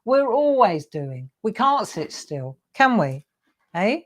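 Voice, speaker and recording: A woman's voice: mid-range voice, sing-song, slow. A middle-aged woman hosting a live craft show, chatty, encouraging and self-deprecating as she demonstrates.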